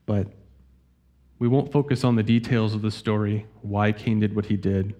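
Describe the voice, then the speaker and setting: A man preaching a sermon as pastor, speaking earnestly and gently, reading scripture slowly to his congregation. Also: fairly low pitch, steady tone.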